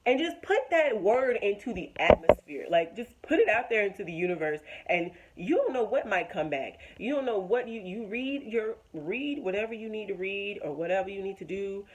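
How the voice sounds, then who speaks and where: A woman's voice: medium pitch, expressive, moderate pace, few pauses. A young woman, talking straight to her viewers in a heartfelt, encouraging personal vlog. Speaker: vlogger.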